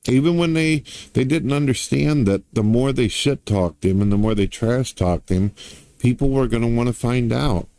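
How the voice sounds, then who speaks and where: Crude ranting man, dark dry voice. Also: medium pitch, normal speed, dry recording. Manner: crude, blunt, swaggering, lots of swearing. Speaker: online commentator. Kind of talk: profane rant to camera.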